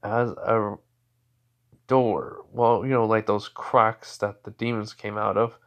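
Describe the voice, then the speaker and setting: A man's voice: on the low side, flat delivery, takes it slowly. A man improvising a fan story aloud, rambling with many restarts.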